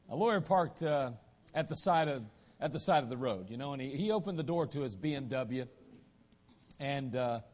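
A man preaching a sermon as pastor, folksy, with joking asides and frequent throat clearing. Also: on the high side, darkish tone.

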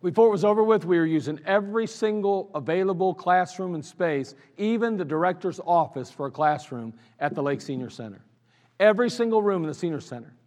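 Animated Ohio pastor in a reverberant church. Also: male voice, high voice, a little fast. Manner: animated storyteller, laughs at his own stories. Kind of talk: anniversary sermon storytelling. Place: church sanctuary. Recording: church service recording with long hall reverb.

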